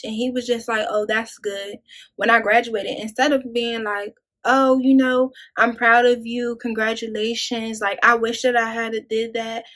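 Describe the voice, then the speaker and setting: A woman's voice: fairly high pitch, fairly bright tone, rough recording. Chatty young woman ranting to viewers. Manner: chatty, rambling, addresses viewers as y'all. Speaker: vlogger. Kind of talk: casual talk to camera.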